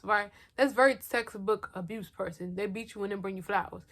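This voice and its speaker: A young woman telling a personal story to her viewers in a casual, slangy, animated storytime style, talking straight to the camera at home. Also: mid-range voice. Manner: animated, talks fast, heavy slang, addresses viewers directly. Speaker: vlogger.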